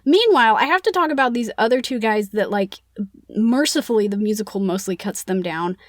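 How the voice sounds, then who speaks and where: A woman's voice: a little high, expressive, fairly quick, no room sound, clean studio sound. A woman co-hosting a casual book-club podcast, retelling a plot in a chatty, playful way with lots of "like". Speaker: podcast co-host.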